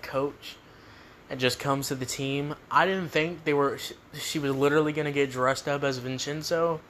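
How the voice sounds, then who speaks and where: A man talks through a movie review in a loose, rambling way, often restarting his sentences. His voice sits at a middle pitch. Faint background noise hangs under the recording. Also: fairly bright tone. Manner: rambling, restarts, laughs while retelling scenes. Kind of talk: casual spoken review.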